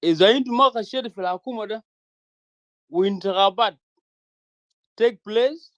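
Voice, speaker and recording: A man's voice: high voice, racing, no echo. A man in a heated online debate, talking insistently and repeating himself to drive his point home. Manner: insistent, repetitive warnings. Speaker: discussion participant.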